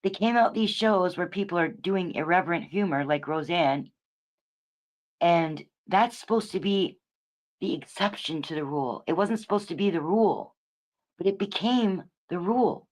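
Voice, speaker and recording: Woman streamer, casual rant, cursing, rambling, loud bursts then low mutters. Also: normal speed. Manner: profane, rambling, self-correcting. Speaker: livestream host. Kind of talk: casual ranting commentary.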